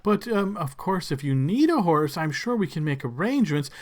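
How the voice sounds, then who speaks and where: A man's voice: a little high, sing-song, moderate pace. A man voicing a nervous, overly polite male servant in a tabletop game, stammering and apologizing. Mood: flustered.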